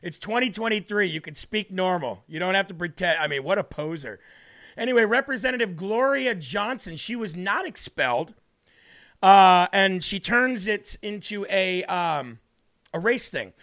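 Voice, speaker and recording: A man's voice: high-pitched, expressive, moderate pace, a bit bright. A man hosting political commentary, sarcastic and scornful, often laughing at the clips he plays. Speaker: host.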